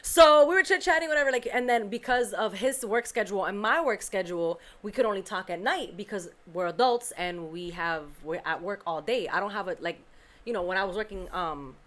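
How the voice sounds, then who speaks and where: A woman hosting a podcast, telling a story in casual chat, animated and acting out the quotes, with casual swearing. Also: mid-range voice, fairly quick. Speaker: podcast host.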